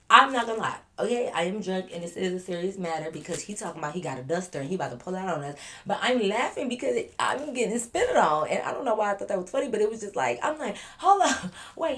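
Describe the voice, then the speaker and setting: A woman vlogger telling a storytime to her viewers in an animated, laughing way, acting out what people said. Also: mid-range voice. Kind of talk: storytime narration.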